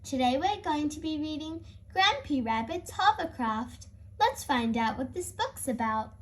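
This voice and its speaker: Woman storyteller for preschoolers, high lively voice, unhurried read-aloud. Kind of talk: children's read-aloud narration.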